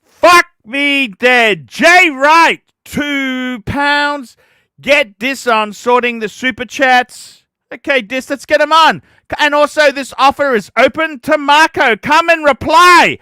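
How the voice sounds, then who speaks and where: A man hosting a livestream, ranting profanely and breaking into shouts. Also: extremely high pitch, takes it slowly, no echo, studio quality. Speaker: livestream host.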